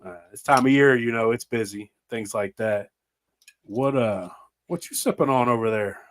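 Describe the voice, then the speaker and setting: A man's voice: medium pitch, moderate pace. Laid-back man telling stories. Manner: laid-back, rambling storyteller, laughs often. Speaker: podcast host. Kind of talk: casual chat.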